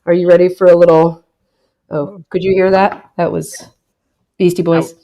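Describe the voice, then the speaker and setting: A woman's voice: lowish voice, little pitch movement, normal speed, dark tone. A woman hosting a casual podcast chat with friends, playful and bossy, often laughing. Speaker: podcast host.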